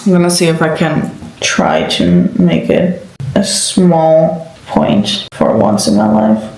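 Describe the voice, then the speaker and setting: A woman's voice: low-pitched, sing-song, slow pace, darkish tone, reverberant, soft background music, low-quality recording. A young woman from the Netherlands doing her makeup and telling a story in a sarcastic, exasperated way. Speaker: makeup vlogger. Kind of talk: casual chat while doing makeup.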